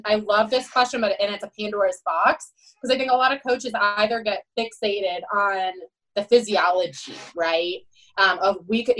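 A woman's voice: on the high side, fairly bright tone, low-quality recording. A middle-aged woman who coaches college swimming tells candid, emphatic stories in a podcast interview and leans on "you know" and "right?". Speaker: college swim head coach.

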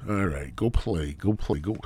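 A man's voice: sits low, lively intonation, measured pace, warm tone, breathy edge, no echo. A man hosting a podcast, ranting crudely in a rambling comedic monologue and swearing constantly, in his thirties. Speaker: podcast host.

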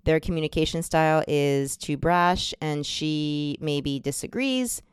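A woman's voice: deep voice, a little slow, smooth, dry recording, clean studio sound. A woman hosting a casual podcast as a coach, chatty, with many ums and easy laughter.

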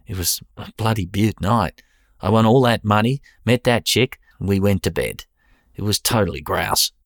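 A man reading a sheepish Australian husband who talks in easygoing slang, in a very low voice. The recording is dry and close, with no room sound, in this spoken story. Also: normal speed, dry recording, lightly acted. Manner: sheepish, laid-back slang. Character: sheepish Aussie husband, middle-aged man.

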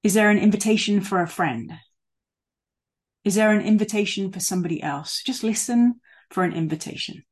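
A woman praying and then preaching over a video call, gentle and measured in prayer, casual in her asides. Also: medium pitch, breathy edge. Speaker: guest speaker.

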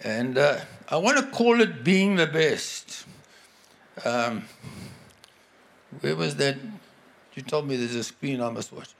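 A man preaching a sermon in an earnest, conversational way, often pausing and restarting his sentences. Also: medium pitch, expressive, creaky, fairly bright tone. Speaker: guest preacher.

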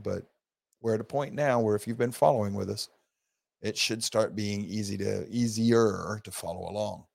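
A man's voice: lowish voice, creaky, a little mellow, dry recording, studio quality. A man teaching a recorded Bible study class, talking emphatically and stressing his points, often restarting mid-word.

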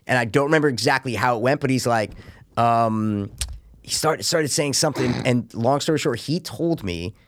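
A man's voice: mid-range voice, moderate pace, no echo, studio quality. A young man on a podcast telling a rambling, profane story in casual chat, acting out the voices of the people in it. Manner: rambling, swears a lot, acts out quoted voices.

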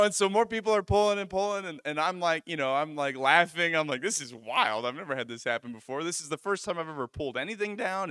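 A young man preaching a sermon as a lively personal story, acting out the people he quotes. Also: mid-range voice, clear, resonant tone, dry recording, studio quality. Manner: animated storytelling, voices others in quoted dialogue.

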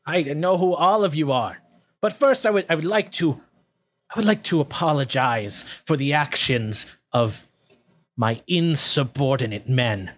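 A man's voice: a little high, measured pace, fairly bright tone. Man playing a smug goblin warlord, falsely polite, slightly raised voice.

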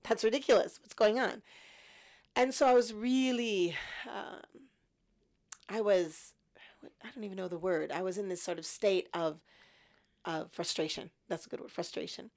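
A woman in her fifties recounting her story as an interview guest, reflective and lively when quoting her past thoughts. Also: medium pitch, moderate pace, gravelly. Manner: reflective, animated in quoted thoughts.

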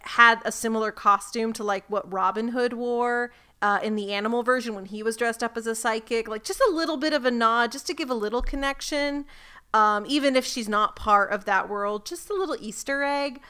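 A woman co-hosting a casual recap podcast who lays out her points with plenty of asides. Her voice sits a bit high, with a bright, smooth, clear tone. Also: fairly quick. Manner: talkative, explains with asides. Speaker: podcast co-host.

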